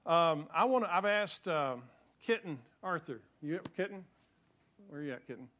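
A pastor with a notably high voice for a man preaches earnestly to his congregation. He urges his listeners and calls out to people in the pews. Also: lively intonation, moderate pace, fairly bright tone, highs cut off. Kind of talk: sermon.

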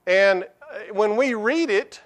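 A man preaching a sermon as pastor, with halting restarts and fillers, slowing down to read scripture. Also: high voice, expressive. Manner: slows to a measured pace when reading scripture aloud.

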